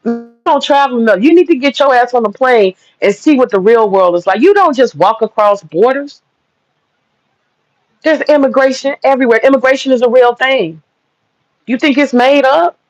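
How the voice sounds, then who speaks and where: A woman's voice: sits high, normal speed, dry recording. A woman hosting a livestream, ranting bluntly and heatedly, with a lot of profanity. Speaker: livestream host. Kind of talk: livestream rant. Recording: dull lo-fi dry audio.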